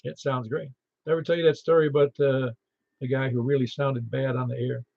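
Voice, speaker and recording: A man hosting a ham radio net in casual chat, chatty and quick to tell stories. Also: medium pitch, level tone, vocal fry. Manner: chatty, storytelling, laughs easily. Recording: muffled lo-fi radio audio.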